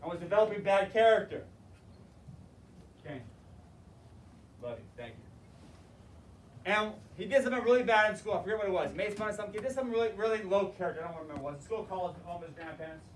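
Animated storytelling male teacher. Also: high voice, quick pace, long pauses. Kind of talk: classroom lecture with storytelling. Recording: roomy, distant mic, faint noise.

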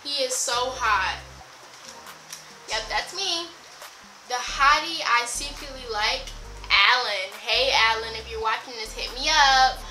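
A woman's voice: on the high side, slow, sharp tone, reverberant, faint music behind, low-quality recording. A teenage girl vlogging casually, reading her old diaries aloud and reacting with gasps, laughs and exclamations. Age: teens.

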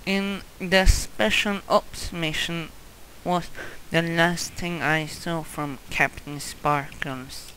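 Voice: medium pitch, steady tone, slow pace, bright, forceful tone, a little hiss or hum, rough recording. A gamer giving casual let's-play commentary on a custom map, talking to viewers and often gasping, laughing and swearing at the game. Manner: talks to viewers.

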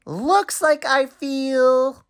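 A woman voicing a cheerful young cartoon boy who narrates a social story and asks the children watching questions, in a bright, sing-song, exaggerated way. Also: sits high, drawn-out words, a little hiss or hum.

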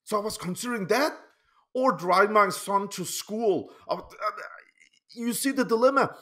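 A man's voice: high-pitched, normal speed, a bit bright. A man, telling a YouTube vlog story as an agitated rant, swearing often and restarting his sentences. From Denmark. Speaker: pinball YouTuber.

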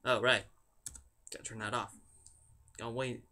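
A man's voice: mid-range voice, flat delivery, measured pace, sharp tone. A young man talking casually over a game he plays, chanting repeated words under his breath. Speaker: gamer. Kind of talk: game commentary. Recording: music in background.

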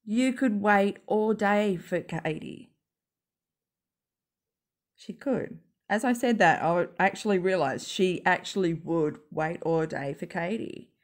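A woman with a croaky voice rambling sarcastically at home while smoking, as a YouTube commentator. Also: fairly low pitch, takes it slowly. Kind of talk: rambling casual monologue.

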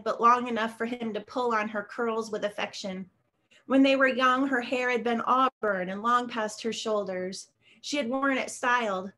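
A woman author reading her own short story aloud in a measured, steady way on a video call. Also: a little high. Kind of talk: literary reading.

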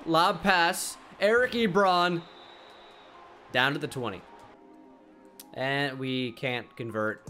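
A young man casually commenting on a football video game he is playing, laid-back and self-mocking, with sudden excited outbursts. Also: medium pitch. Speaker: gaming channel host.

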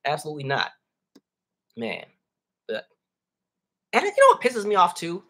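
Husky-voiced man chatting with viewers. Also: a little high, huge pitch swings, moderate pace, pushed and bright. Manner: conversational, addresses viewers as y'all. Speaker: livestream host reading chat. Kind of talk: casual chat.

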